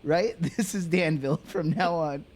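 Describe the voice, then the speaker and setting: A man's voice: fairly high pitch, moderate pace, a little hiss or hum. A man chatting casually while streaming a game, rambling and laughing often. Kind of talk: casual chat while gaming.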